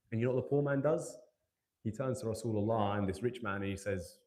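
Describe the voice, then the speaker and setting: A man's voice: fairly low pitch, fast, a little mellow. Man giving a religious youth talk. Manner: storytelling, acting out quoted dialogue; rhetorical questions to the audience. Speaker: youth majlis speaker. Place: hall.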